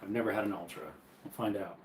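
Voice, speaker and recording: A man's voice: on the low side, fairly even intonation, quick pace, roomy sound, slight background noise, poor audio. A man casually hosting a live stream from his bedroom, easygoing and chatty as he reads viewer comments and laughs often. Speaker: livestream host.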